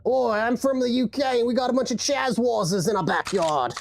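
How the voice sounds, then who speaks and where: A woman's voice: a little high, normal speed, gravelly, a little mellow, slight background noise, pitched above the performer's own voice. A woman streamer voicing a boisterous, cheerful Australian man with a jokey mock Australian accent.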